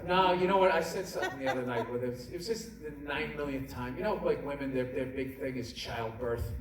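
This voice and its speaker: A man doing a stand-up comedy routine, ranting and cursing as he acts out arguments with his wife and shouts the punchlines. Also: medium pitch, fairly quick. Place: comedy venue stage. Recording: echoey venue, distant mic, loud crowd. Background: audience laughter.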